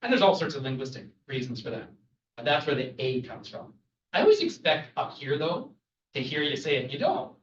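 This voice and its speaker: In an echoey room, a Canadian man lectures on travel in a chatty, jokey way, often quizzing his audience. His mid-range voice swings widely in pitch and moves briskly, captured in a muffled, distant recording.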